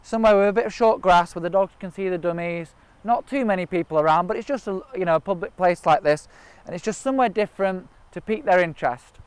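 A man's voice: high voice, fast talker, smooth, no room sound. A man training gundogs outdoors, explaining each step in a practical way. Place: outdoors in a park and by a river.

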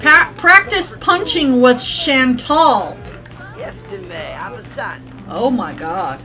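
A young woman giving casual, profane commentary while playing a life-sim game, yelling at the characters and rambling. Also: sits high, big pitch swings, extremely slow, music in the background, crowd noise. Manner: rambling, self-interrupting.

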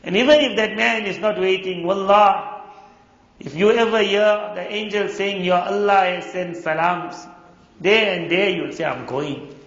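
A man's voice: sits high, steady tone, measured pace, fairly bright tone. A man preaching a sermon, telling stories and acting out the quoted voices. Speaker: Islamic preacher. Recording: echoey hall, dull lo-fi sound.

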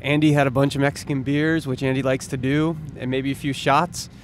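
A man's voice: mid-range voice, little pitch movement, fairly quick, slight background noise. A man from a band's touring crew, chatting in a moving van, asking questions and starting a road story in a laid-back way. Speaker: touring band crew member. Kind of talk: casual storytelling. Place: inside a moving tour van.

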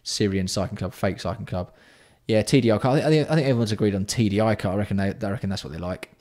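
A man hosting a casual livestream, bantering with chat and swearing freely while keeping his voice fairly hushed. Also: fairly low pitch, rapid-fire. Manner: banter-filled, sweary, reads out and answers chat. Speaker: livestream host.

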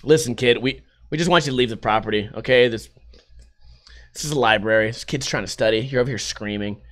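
A man voicing a calm, patient adult security guard who talks softly and placatingly. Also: mid-range voice, fast, voice pushed down, close to an everyday voice. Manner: soft-spoken, placating.

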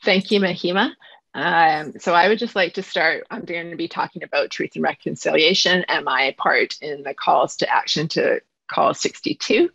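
A woman high school math teacher from Canada giving a live online presentation, speaking fast and earnestly with slight nerves, from home over a video call. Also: creaky, fairly bright tone, slightly rough, no room sound, highs cut off.

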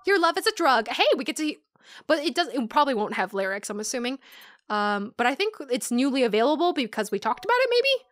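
A woman's voice: high voice, sing-song, quick pace, a bit bright, no room sound, clean studio sound. A woman hosting a let's play, chatting casually and giggling as she hums along to the game.

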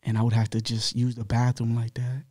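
A man's voice: medium pitch, monotone, brisk, warm tone, no room sound, studio quality. A man as a podcast guest, telling his own story in a candid, blunt way, full of slang and swearing.

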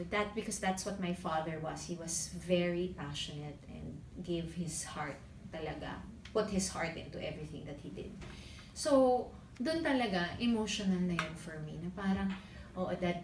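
A Filipina actress telling a personal story in a casual, animated way, switching between English and Tagalog. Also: fairly low pitch, normal speed, background noise. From Philippines. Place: press event room. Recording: echoey room, voice from a distance.

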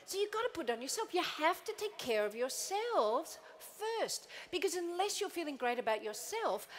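High, lively woman giving a motivational talk. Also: slight background noise. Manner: playful, animated, acts out little quoted scenes; coaxing the crowd into joining in. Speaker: motivational speaker. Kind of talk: live keynote talk to an audience.

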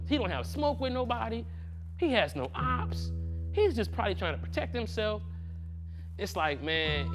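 A man playing a defense attorney in an improvised comedy courtroom, arguing in a heated, animated and slangy way. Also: fairly high pitch. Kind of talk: improvised comic courtroom argument.

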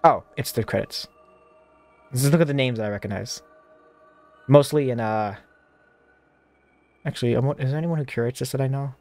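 Faint music plays behind this man as he rambles to himself through a horror demo disc, full of fillers and false starts. He has a medium-pitched, slightly mellow voice at a moderate pace, pausing often.

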